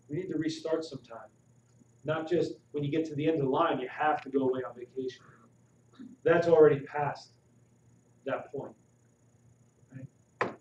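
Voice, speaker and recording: Man giving an animated health talk. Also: on the high side. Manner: asks the audience questions, animated and emphatic. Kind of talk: live health seminar talk. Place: room with a live audience. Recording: roomy, distant, dull audio with faint noise.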